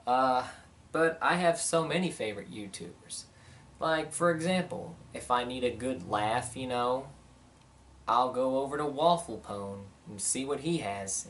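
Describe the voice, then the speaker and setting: A man's voice: mid-range voice, a bit bright, recorded from a distance. A man talks through viewer questions in a loose, rambling way, filling gaps with "uh" and "you know." He sits a little back from the mic. A faint hum of room noise runs behind him. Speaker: vlogger. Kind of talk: casual Q&A vlog.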